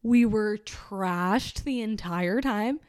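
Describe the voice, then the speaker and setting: A woman putting on the voice of boastful young male college partiers, bragging and excited. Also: mid-range voice, very slow, smooth.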